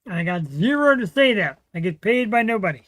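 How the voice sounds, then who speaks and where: A man hosts his own livestream, chatting casually and alone in a loose, rambling, relaxed way, unscripted and full of fillers and restarts. His high-sitting voice moves fairly quickly. It's recorded close and dry on a desk mic with no room sound, and the quality is low.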